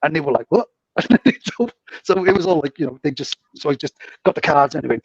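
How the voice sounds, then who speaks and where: Gravelly, husky man telling stories. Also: on the high side, fast, no echo. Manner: rambling anecdotes with frequent laughs. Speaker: podcast co-host, casino dealer. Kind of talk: casual storytelling. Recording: dull lo-fi audio.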